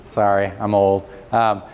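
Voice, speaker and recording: A middle-aged man, a chiropractor, telling a story at a convention seminar in a joking, self-deprecating, animated way. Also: fairly low pitch, slow pace, clear, resonant tone, highs cut off. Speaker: chiropractor giving a seminar talk. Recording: long reverb of a large hall.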